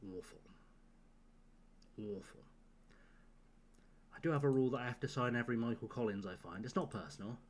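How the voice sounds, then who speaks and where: A man's voice: medium pitch, fairly quick, long pauses, slight background noise. A man streaming a game live, chatting to his viewers with sardonic, profane jokes. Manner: sardonic, profane joking to chat.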